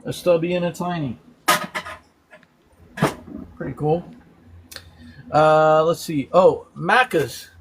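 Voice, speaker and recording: A man's voice: on the high side, takes it slowly, long pauses, slight background noise. Upbeat man hosting a live chat. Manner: animated, explains slang terms one by one with frequent laughter. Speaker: host of a live stream. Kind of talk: casual live-stream chat.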